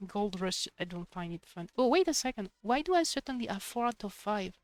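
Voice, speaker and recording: A young woman streaming a video game live, chatting excitedly to herself while she plays. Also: mid-range voice, a little fast, dry recording, soft background music. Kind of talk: live gameplay commentary.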